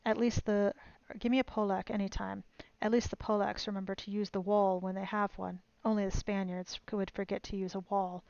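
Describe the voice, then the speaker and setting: A woman voicing a scornful older male fencing master who rants quickly at his student. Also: mid-range voice, flat delivery, gravelly, darkish tone, dry recording, muffled recording, natural voice. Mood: ranting. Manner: rapid scornful ranting.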